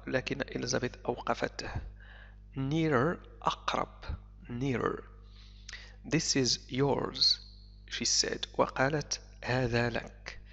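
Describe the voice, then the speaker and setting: A male English teacher whose first language is Arabic reads a story aloud, translating it line by line. He talks slowly and repeats key words for learners. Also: mid-range voice, vocal fry, fairly bright tone. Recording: echoey, dull lo-fi recording.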